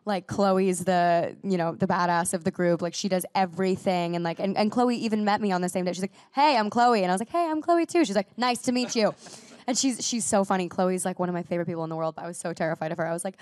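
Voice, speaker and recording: A woman's voice: on the low side, fairly even intonation, darkish tone, no room sound. Bubbly young woman with a lingering cough. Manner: bubbly, heavy use of "like", quick restarts. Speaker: actress guest. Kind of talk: casual interview chat.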